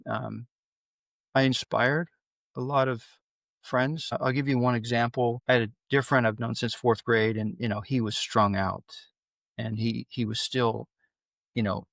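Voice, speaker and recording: A middle-aged man with a gravelly, rough-edged voice, talking as a podcast guest. He tells his stories with energy and jumps into the voices of the people in them. The sound is dry and close, with almost no room echo. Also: medium pitch. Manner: animated storyteller who acts out quoted dialogue. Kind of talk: conversational storytelling.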